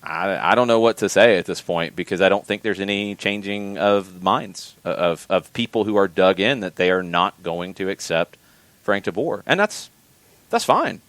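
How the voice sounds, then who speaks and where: This deep-voiced man chats about soccer on a laid-back podcast, expressive and fairly bright in tone. He keeps a measured pace but frequently starts his phrases over while thinking, and the audio is close-miked and dry, free of room echo.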